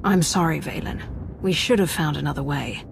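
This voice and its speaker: Contrite female hero, soft, sincere apology, game cutscene. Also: low-pitched, normal speed, vocal fry, slight background noise. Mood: apologetic. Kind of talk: video game dialogue.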